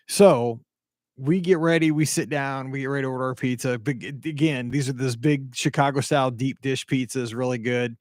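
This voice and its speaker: A middle-aged man from the American Midwest, hosting a podcast and telling a rambling, animated story full of asides and quoted dialogue. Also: mid-range voice, fairly quick, no echo, clean studio sound. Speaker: podcast host. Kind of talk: casual storytelling monologue.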